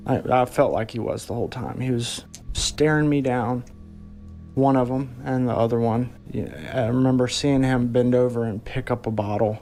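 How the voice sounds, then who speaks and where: Male eyewitness, gravelly and flat in delivery, halting storyteller. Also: medium pitch, faint music behind. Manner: halting, restarts often, recalls fear. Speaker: eyewitness telling his story. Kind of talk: personal storytelling.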